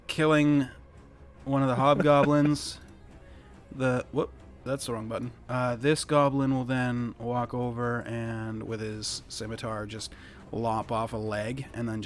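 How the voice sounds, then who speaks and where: A man narrating a tabletop game as game master, chuckling and rambling, often correcting himself mid-sentence. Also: medium pitch. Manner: laughing, rambling, self-correcting.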